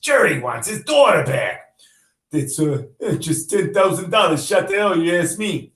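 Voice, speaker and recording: A man voicing rough, slangy male newspapermen bantering loudly, read aloud to a class. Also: fairly high pitch, sing-song, a little slow, pitched above the performer's own voice. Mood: gruff. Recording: echoey room.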